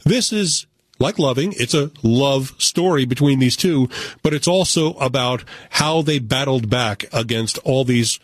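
American male film critic, animated and opinionated, casual chat, dry close mic. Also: medium pitch, unhurried, no echo. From United States.

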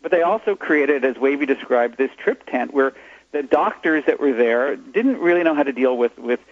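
A man's voice: mid-range voice, animated, dry recording. A man speaks as a radio guest, stopping and restarting often as he recalls details. The audio is dry and a little dull, with no room sound. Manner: halting, many restarts and fillers. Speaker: author and interview guest. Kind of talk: radio interview.

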